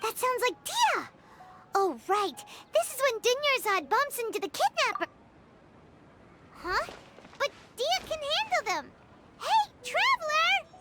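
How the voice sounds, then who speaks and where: A chirpy little game sprite, very high and bouncy, over game music. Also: female voice, measured pace, long pauses, exaggerated voice. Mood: excited. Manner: chatty, animated, refers to herself by name. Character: tiny chatty floating companion sprite, excitable. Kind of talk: video game dialogue.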